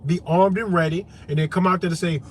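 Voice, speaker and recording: A man with a notably high voice delivers a fired-up monologue to his camera. He swears freely, preaches, and drives each point home through repetition. Faint background noise sits under his voice. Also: fairly even intonation, quick pace. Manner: profane, emphatic, preachy, repetitive. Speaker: vlogger and activist.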